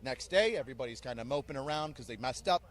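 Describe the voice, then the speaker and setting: Speaking quickly in a mid-range voice, an army drill sergeant recounts stories with animation for an interview. He barks the orders he quotes.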